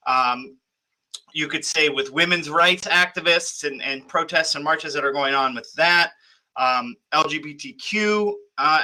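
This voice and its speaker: A sleepy man in his thirties teaches a history class over a computer mic, chatty and full of fillers and restarts. His voice is very bright and sharp, and sits a little high for a man. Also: poor audio. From United States. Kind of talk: online class lecture.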